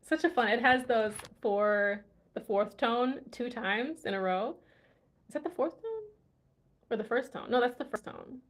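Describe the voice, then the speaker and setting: A woman's voice: a little high, animated, a little slow. A woman language vlogger chatting casually, musing aloud and laughing often as she recalls words. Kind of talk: casual livestream chat.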